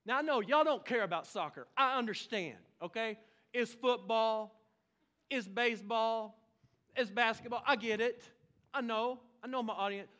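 A man, preaching a lively sermon with exclamations and playful asides. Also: very high voice, moderate pace. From Oklahoma. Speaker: pastor.

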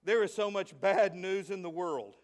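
Delivering a lively sermon, a Southern-accented pastor speaks at normal speed in a voice that sits high. He turns to quiet asides and jokes before his praise rises to a shout.

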